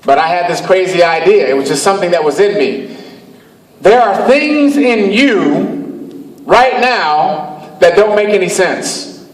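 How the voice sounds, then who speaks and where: A man's voice: high voice, expressive, unhurried. A man from Cleveland, Ohio giving a motivational speech to an audience, emphatic and storytelling, repeating his phrases. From Cleveland, Ohio, USA. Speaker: motivational speaker. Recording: echoey, far from the mic.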